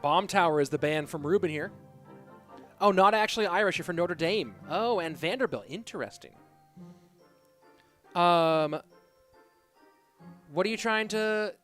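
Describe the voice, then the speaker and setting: Guy casting a game stream live, kinda high voice, hyped and chatty, music going behind him. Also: measured pace, long pauses. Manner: chatty, excitable, thanks viewers by name. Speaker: esports caster and streamer. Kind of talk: live game commentary mixed with chat reading. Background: background music.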